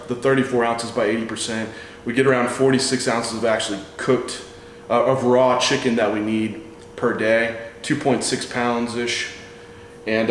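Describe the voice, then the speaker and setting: A man with an ordinary mid-range voice chats casually as he tours his food supply, rambling and doing the math out loud. His voice rings a little off the walls of an echoey room, with a faint hiss under it. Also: medium pitch. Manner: chatty, rambling, talks through numbers aloud. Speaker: nutrition coach. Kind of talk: casual vlog walkthrough.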